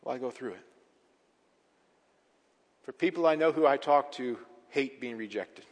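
A man preaching a sermon as a pastor, emphatic, with big swings in pitch and loudness. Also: unhurried. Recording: reverberant hall.

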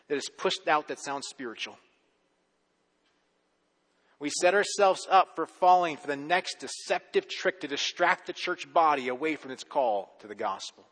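A man's voice: fairly high pitch, a bit bright, in a large hall. A male pastor giving a conversational sermon, often repeating and restarting his words.

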